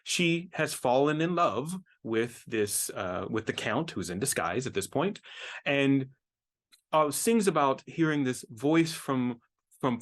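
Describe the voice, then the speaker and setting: A middle-aged man, a music professor, giving an enthusiastic explanatory lecture, often repeating words as he thinks. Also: medium pitch. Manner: enthusiastic, repeats words while thinking, sings short snippets.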